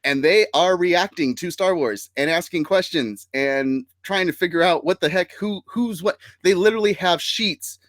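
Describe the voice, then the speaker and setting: A man's voice: sits high, moderate pace, hardly any pauses, fairly bright tone, no room sound. A man hosting a casual live-streamed nerd podcast, upbeat and chatty, laughing often and using fillers. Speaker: podcast host.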